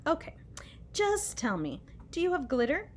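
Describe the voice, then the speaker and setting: A woman's voice: sits high, huge pitch swings, unhurried, slight background noise, voice pushed up, full character voice. A woman voicing a sly, ancient female monster who schemes and coos like a child. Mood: frantic scheming. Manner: wheedling, shifting into a cooing baby voice.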